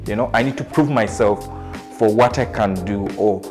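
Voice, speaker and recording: A man's voice: on the low side, moderate pace, darkish tone, faint music behind. A man speaking reflectively in a documentary interview.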